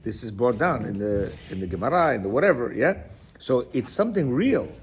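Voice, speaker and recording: A man's voice: mid-range voice, big pitch swings, a little fast, background noise. A man teaching a lecture on marriage, reading from a text and explaining it in a conversational, emphatic way with frequent asides. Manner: conversational, many "you know" asides, emphatic. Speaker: religious teacher.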